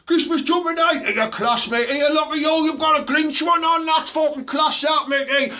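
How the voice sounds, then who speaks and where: A man voicing a rowdy, drunk young lad in a Christmas jumper, with a shrill, loud voice. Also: fairly even intonation, moderate pace.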